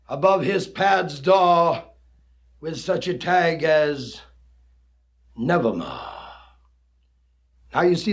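Theatrical man reciting in jive slang. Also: on the high side. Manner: theatrical, swooping dramatic delivery. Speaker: comic performer.

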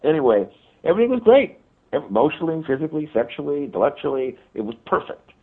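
A man's voice: fairly high pitch, fast, slightly rough. A man telling a long story as a radio guest, rambling with many restarts. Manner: rambling, frequent restarts, animated retelling. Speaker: guest, paranormal investigator and author. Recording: tinny phone line on radio.

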